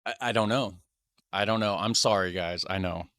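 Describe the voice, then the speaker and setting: A man's voice: fairly low pitch, moderate pace, fairly bright tone, no room sound, clean studio sound. An American man hosting a reaction video, chatting casually and self-deprecatingly to his viewers. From United States.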